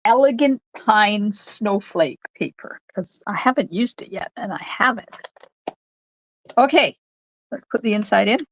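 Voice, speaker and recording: A woman's voice: mid-range voice, expressive, a little slow, no room sound, low-quality recording. An older woman, a card-making instructor, chatting to viewers during a live-streamed craft tutorial in her home craft room. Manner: chatty, talks to viewers while stamping.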